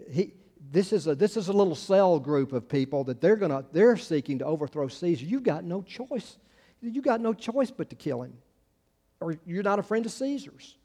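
A pastor preaches a sermon to his congregation, earnest and halting, restarting phrases before building to emphatic peaks on key words. His darkish voice sits a little high for a man, and a long church-hall reverb trails the sound.

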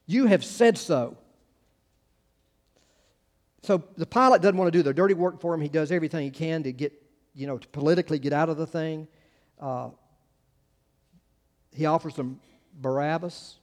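A man preaches to his congregation in an earnest, halting way, restarting his phrases and then pressing hard on key words. His voice sits a little high for a man. The sound carries a long reverb from a church hall. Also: fairly even intonation. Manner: earnest, halting with many restarts, builds to emphatic peaks. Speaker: pastor. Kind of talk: sermon.

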